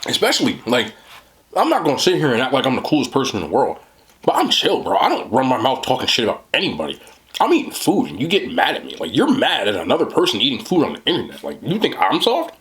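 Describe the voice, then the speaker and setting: A young man rambling in casual talk while eating on camera, swearing and saying "bro" a lot. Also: fast talker. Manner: animated, swings from low mutter to high laughing jabs. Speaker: mukbang creator.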